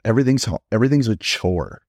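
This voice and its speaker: A man's voice: on the low side, lively intonation, a little mellow, no room sound, studio quality. A man, a pastor hosting a podcast, teaching in a conversational way, repeating phrases for emphasis and restarting his sentences often. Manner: frequent quick restarts and stammers.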